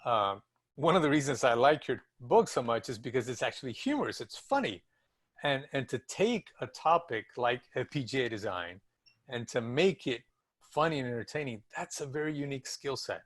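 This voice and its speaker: A man's voice: mid-range voice, expressive, normal speed, fairly bright tone, dry recording. A man with a Southern US accent interviewing a guest, hesitant and repeating words as he asks. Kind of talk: casual interview.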